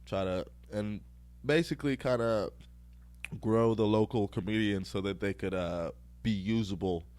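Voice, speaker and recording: A man's voice: lowish voice, normal speed, darkish tone. Rambling, profane young man. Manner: profane, rambling, laughs at his own stories. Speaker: podcast host. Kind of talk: casual rambling storytelling.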